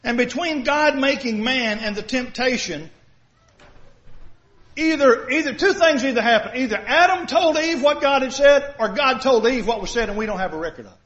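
A man's voice: very high-pitched, expressive, moderate pace, a bit bright. A male pastor giving a sermon, preaching in a conversational way and asking the congregation many rhetorical questions. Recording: dull lo-fi recording.

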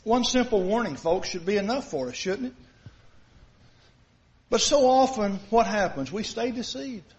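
High-voiced man preaching, dull lo-fi sound. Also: animated, measured pace, long pauses, darkish tone. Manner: conversational preaching full of rhetorical questions. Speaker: pastor. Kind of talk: sermon. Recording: dull lo-fi recording.

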